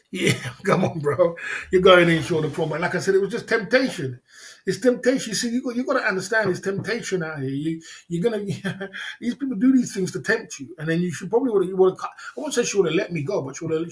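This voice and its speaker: A man hosting a livestream, telling rambling stories with many repeats and laughs. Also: on the high side. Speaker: livestream host. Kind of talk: casual storytelling.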